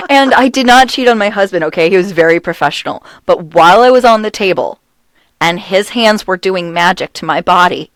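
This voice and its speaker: A woman's voice: medium pitch, moderate pace, no room sound. A middle-aged woman co-hosting a podcast, telling a story in casual chat and laughing often. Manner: giggly, animated storyteller. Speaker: podcast co-host.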